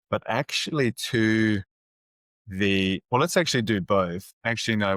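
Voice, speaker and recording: A man with a fairly low voice hosts a podcast interview and sums up his guest's ideas in a thoughtful, conversational way. His voice is recorded close and dry, with no room sound. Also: a bit bright, no echo. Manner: thoughtful, summarizing the guest's points. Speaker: podcast host.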